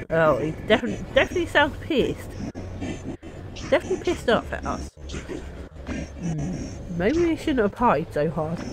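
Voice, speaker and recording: A woman streaming a video game, chatting to her viewers in an excitable, playful way. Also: medium pitch, normal speed, pauses often, background noise. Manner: excitable, talks to viewers, squeals and laughs. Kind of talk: casual let's-play commentary.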